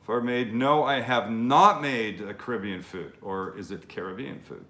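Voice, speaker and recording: A cooking host chats loosely through a live Q&A, answering viewers in a rambling, offhand way with casual swearing. His voice sits at an ordinary male pitch. The sound carries the echo of his roomy home kitchen. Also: animated, a little slow, sharp tone. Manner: rambling, casual, swears freely, many fillers.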